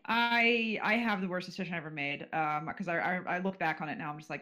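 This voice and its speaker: A man's voice: fairly high pitch, fairly even intonation, normal speed, few pauses, bright, forceful tone. A man from California on a podcast, telling a rambling story with many fillers and restarts. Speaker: podcast co-host. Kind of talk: casual chat.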